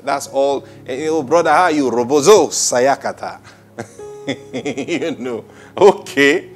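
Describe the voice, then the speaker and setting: Animated male preacher with lively pitch. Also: a little slow, faint music behind. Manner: animated, acts out quoted voices, laughs often. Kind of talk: sermon.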